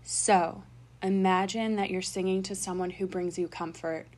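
A young woman chatting casually, telling an excited story with swearing and laughter. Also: fairly low pitch, normal speed. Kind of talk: casual chat.

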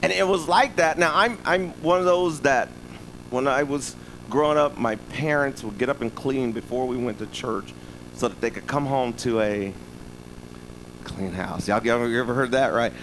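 A man's voice: medium pitch, moderate pace, fairly bright tone, a little hiss or hum, poor audio. A man preaching a sermon in a loose, conversational way, often checking in with "right?". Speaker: pastor.

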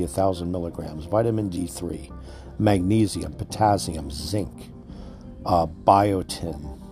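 A man hosting a podcast, delivering an angry, swear-filled rant that lectures his listeners. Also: deep voice. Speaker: podcast host.

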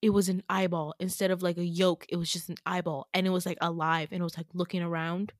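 A woman host casually retelling a dream, full of "like" fillers and casual swearing, with sudden high exclamations. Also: level tone, quick pace, no echo, clean studio sound. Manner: chatty, frequent "like" fillers, swears freely. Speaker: podcast host.

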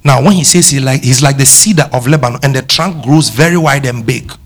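A man's voice: mid-range voice, brisk. A man with a Ghanaian accent preaching a sermon, emphatic, firing questions back at the congregation and switching between English and Twi.

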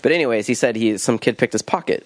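A man's voice: mid-range voice, fast talker. A man co-hosting a comedy podcast, telling a long rambling story with lots of restarts. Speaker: podcast co-host. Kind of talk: casual comedy chat.

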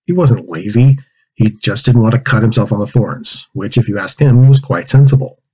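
A man reading a children's story aloud with expressive delivery, acting out character lines and pig oinks. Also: on the low side, normal speed, breathy edge, rough recording. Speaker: narrator reading a manuscript aloud.

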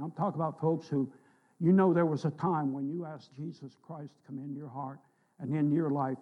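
A male pastor delivers a folksy sermon in a church, his voice gravelly with a husky edge. The recording is dull and lo-fi, and it sounds like a church service. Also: on the high side. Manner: folksy storytelling preacher, rising emphatic on scripture. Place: church sanctuary.

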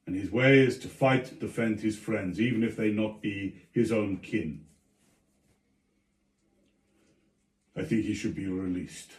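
A man's voice: medium pitch, animated, natural voice. A man doing a stern dwarf senator. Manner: slow, grave pronouncements of judgment. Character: honorable blonde dwarf senator, stern and solemn. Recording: echoey room.

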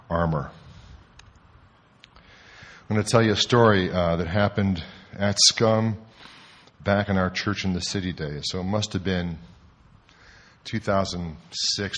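A man preaching a sermon, telling a story in an animated way and swinging from hushed to loud. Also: low voice. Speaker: pastor.

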